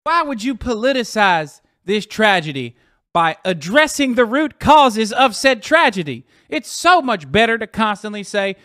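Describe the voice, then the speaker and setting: A man's voice: sits high, very animated, measured pace, sharp tone, no room sound, studio quality, voice pushed up, full character voice. A man doing a sarcastic, profane impression of an indignant male politician dodging questions. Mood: mocking.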